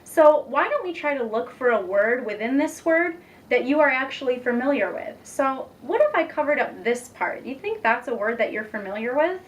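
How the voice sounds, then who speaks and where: A young woman teacher demonstrating a reading lesson, patient and encouraging, speaking slowly and clearly. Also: sits high, lively intonation. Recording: distant mic with faint background noise.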